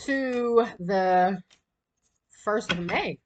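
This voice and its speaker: A woman's voice: mid-range voice, a little hiss or hum. A woman giving a casual spiritual card reading, chatty and rambling, and a little out of breath. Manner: chatty, rambling, quick bursts of laughter. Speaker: tarot card reader.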